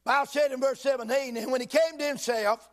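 This male preacher, speaking in a church sanctuary, has a very high voice and a fairly level intonation. He reads scripture from the King James Version slowly, cuts in with folksy remarks, and sometimes shouts for emphasis.

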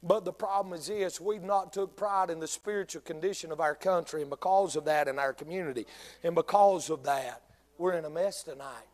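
A man's voice: on the high side, fairly quick, a little mellow. A male pastor with a North Carolina Southern accent, preaching a sermon and speaking straight to his congregation, repeating key lines for emphasis.

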